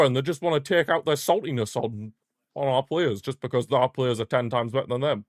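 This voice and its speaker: A young male fan commenting live on a football match for his stream, mid-pitched and chatty. He banters about the referee and rivals, then erupts into shouts at big moments. The sound is dry with no room echo. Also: a little fast. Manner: excitable fan, bursts into shouting at goals.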